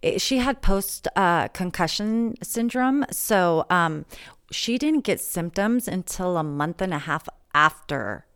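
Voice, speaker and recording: Woman, podcast host, middle-aged, casual chat, smooth, slightly low voice. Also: animated, slow pace, a bit bright. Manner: chatty, laughs easily.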